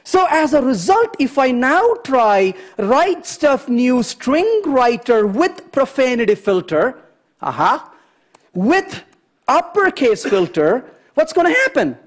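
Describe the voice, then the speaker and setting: A man giving a conference programming talk, chatty and animated, often checking in with the audience. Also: very high voice. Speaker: conference speaker. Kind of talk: technical talk with anecdotes.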